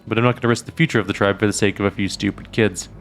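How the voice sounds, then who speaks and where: Grim, guarded female mongrel scout from a fantasy role-playing game, read aloud by a man in a low voice. She speaks tensely and without warmth, with soft music faint behind. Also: fairly even intonation, rapid-fire, close to an everyday voice. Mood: bitter.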